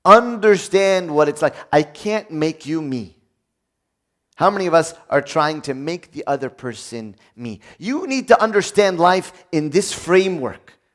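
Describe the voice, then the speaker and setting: A man's voice: fairly high pitch, a little slow. A man preaching a sermon on marriage, acting out little dialogues and joking with the congregation. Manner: animated, acts out dialogue, jokes with audience.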